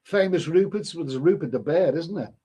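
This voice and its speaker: A man's voice: fairly high pitch, animated, a little fast, dark tone, slightly rough. A middle-aged man hosting a live stream in casual chat, rambling and often restarting his sentences as he reads viewer comments. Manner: rambling, repeats words, frequent restarts.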